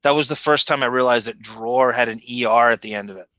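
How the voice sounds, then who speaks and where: A man with a Long Island accent, co-hosting a podcast in a rambling, chuckling way that drifts into quick impressions. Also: medium pitch, bright, forceful tone, no echo, low-quality recording. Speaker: podcast co-host. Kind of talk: casual commentary chat.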